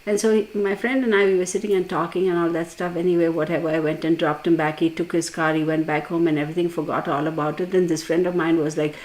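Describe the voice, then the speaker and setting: A woman who reads cards, casually telling a personal story in an animated way, laughing often and full of fillers and restarts. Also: on the low side, fast talker, hardly any pauses, poor audio. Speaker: card reader.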